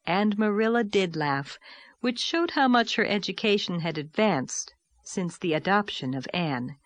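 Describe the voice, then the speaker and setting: A woman calmly narrating a classic story as an audiobook reader. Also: on the low side, a little slow, no echo. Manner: calm, steady storytelling. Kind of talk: scripted narration.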